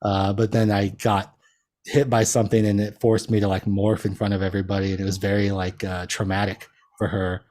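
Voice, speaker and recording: A man with a fairly low voice chats casually as a podcast guest. He rambles through his points with lots of fillers and laughs often. The talk stays loose and relaxed. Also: fairly quick. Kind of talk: casual chat.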